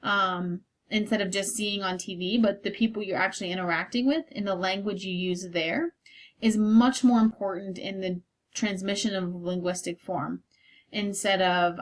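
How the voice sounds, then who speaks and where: A woman's voice: fairly low pitch, steady tone, moderate pace. A woman college instructor giving a recorded lecture, explaining things step by step with frequent ums and okays.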